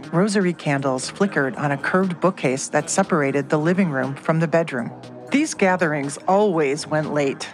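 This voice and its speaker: A woman's voice: low-pitched, normal speed, faint music behind. A woman narrating a true story in first person, scripted.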